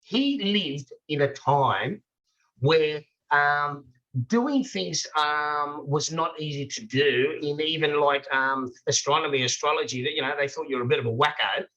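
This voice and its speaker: Older man, bright emphatic speaker. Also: fairly high pitch, unhurried, highs cut off. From Australia. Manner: emphatic, preachy, rhetorical questions. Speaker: author guest. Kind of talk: passionate interview talk.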